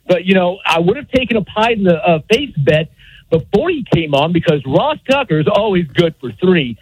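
A man's voice: sits high, big pitch swings, normal speed, husky, no room sound, poor audio. A man calling into a radio show, chatty and full of hesitations. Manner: chatty, filler-heavy, hesitant. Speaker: caller. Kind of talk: call-in radio comment. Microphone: phone call.

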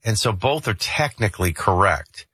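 A man with a fairly low, expressive voice speaks at a moderate pace, his tone pushed, bright and husky. He hosts a morning talk radio show, chatting casually about sports and reading the news in a conversational way, often restarting his sentences. The recording is dry and clean, made on a studio microphone in a radio studio.

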